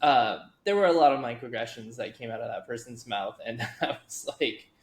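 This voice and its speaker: A man's voice: medium pitch, expressive, brisk. Man host in an echoey room. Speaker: podcast host, educator. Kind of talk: casual podcast conversation.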